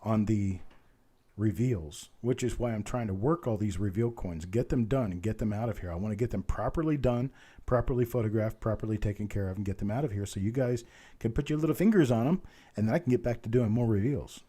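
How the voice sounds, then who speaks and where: A man hosting a live-streamed coin auction, calling bids quickly and chatting with viewers by name, his voice a little strained from talking. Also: lowish voice, dark tone, breathy edge. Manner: rattles off bid calls fast, chats with viewers by name.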